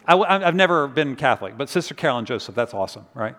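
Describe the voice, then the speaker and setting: A man preaching a sermon, telling a story in a conversational, animated way and then dropping to quiet intensity. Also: medium pitch, fast, long reverb tail. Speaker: pastor.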